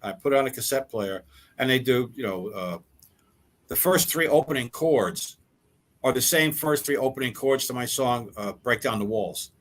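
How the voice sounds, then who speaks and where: Animated and medium in pitch, an older male rock musician talks at normal speed while sharing anecdotes in a casual interview. Quoted exchanges get acted out, and he often doubles back to repeat or restart words.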